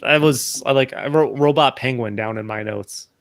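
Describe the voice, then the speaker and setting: A man's voice: medium pitch, normal speed, no echo. A man in his thirties co-hosting a casual movie review chat, rambling with many restarts. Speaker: podcast co-host.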